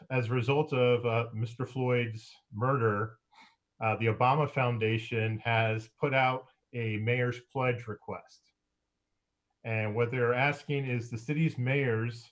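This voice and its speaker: Male mayor, halting council report full of fillers, middle pitch. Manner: halting, many fillers, occasional laughs.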